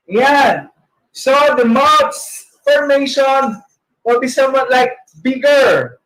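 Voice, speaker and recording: A man's voice: very high-pitched, expressive, slow, a bit bright, low-quality recording. A man with a Filipino accent leading a literacy training session, modeling sounds with exaggerated articulation and a playful, joking manner. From Philippines. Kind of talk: online training lecture.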